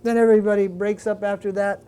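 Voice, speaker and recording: An older man leads a devotional class, retelling a sacred story with a relaxed, mellow voice. He animates the quotes of the characters and now and then stops to recall a detail. A faint hum of the room sits behind him. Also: high voice, quick pace. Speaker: swami giving a religious class.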